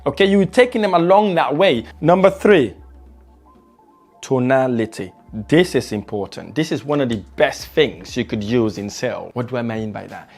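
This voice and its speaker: A man coaching on sales, speeding up and slowing right down as he demonstrates his tone. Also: medium pitch, gravelly, darkish tone, soft background music. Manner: varies pace and tone widely to demonstrate. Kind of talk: motivational teaching video.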